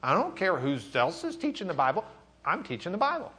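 A man's voice: very animated, moderate pace. A man voicing a cheerful, vivacious reformer in a light, breezy manner. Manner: light, breezy, high-pitched.

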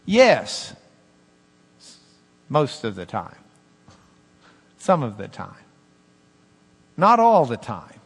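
A man preaching a sermon as pastor, animated, with swings between loud emphasis and hushed asides. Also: mid-range voice, drawn-out words, pauses often, slightly rough, in a large hall.

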